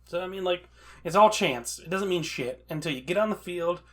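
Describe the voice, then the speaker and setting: A man co-hosting a casual podcast chat, excitable and swearing freely. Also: sits high, normal speed. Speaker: podcast co-host.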